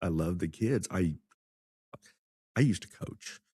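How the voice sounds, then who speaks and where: A man's voice: low-pitched, animated, takes it slowly, warm tone, slightly rough, dry recording, studio quality. A man in his sixties, a former attorney turned teacher, chatting as a podcast guest and telling stories with frequent laughs. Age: 60s. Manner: chatty storyteller who laughs often. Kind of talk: casual podcast conversation.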